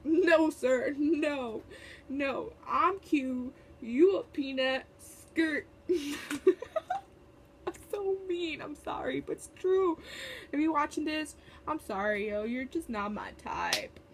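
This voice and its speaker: A woman's voice: sits high, takes it slowly, a little hiss or hum. A young woman telling a storytime vlog in casual, chatty talk, full of fillers and sassy asides. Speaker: vlogger.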